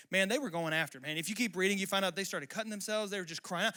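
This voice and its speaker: Pastor guy preaching, chatty and animated, smooth crisp voice. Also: high voice, very fast, few pauses. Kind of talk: sermon.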